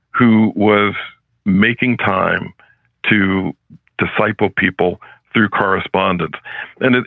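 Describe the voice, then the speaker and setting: A male professor speaking as a podcast guest, in an earnest, measured and reflective way, heard over a narrow phone-like line. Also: fairly low pitch, gravelly, dry recording. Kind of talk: podcast interview. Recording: phone-like, dry, narrow sound.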